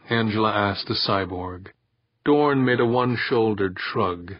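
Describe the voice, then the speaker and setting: A man narrating an audiobook in a calm, measured way. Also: fairly low pitch, slightly rough, no room sound, dull audio. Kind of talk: scripted narration.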